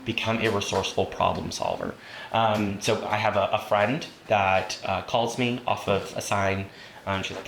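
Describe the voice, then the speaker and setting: A real estate trainer with a lowish, expressive, fairly bright voice and some vocal fry teaches a class of realtors at a normal pace. He tells stories and voices the characters in them, in a roomy training room with faint noise.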